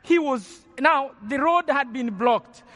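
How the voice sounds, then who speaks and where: High-voiced man preaching in a reverberant hall. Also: slow pace, pushed and bright. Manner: earnest, repeats and restarts phrases. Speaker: preacher giving testimony. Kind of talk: storytelling sermon testimony.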